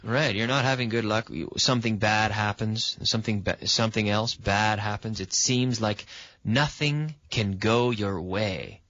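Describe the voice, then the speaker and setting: A man hosting a radio English lesson, patiently quizzing a student and stressing words with lively intonation. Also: fairly low pitch, measured pace, dry recording. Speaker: English teacher and radio host. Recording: dull, lo-fi sound.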